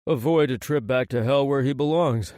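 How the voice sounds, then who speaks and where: A man's voice: mid-range voice, moderate pace, mellow, no room sound, studio quality, natural voice. A male audiobook narrator voicing a confident demon hunter, firm and matter-of-fact. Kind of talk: audiobook character voice.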